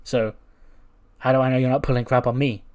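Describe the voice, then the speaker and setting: A man's voice: medium pitch, level tone, brisk, a little mellow, close to an everyday voice. A man doing a suspicious wrestling manager.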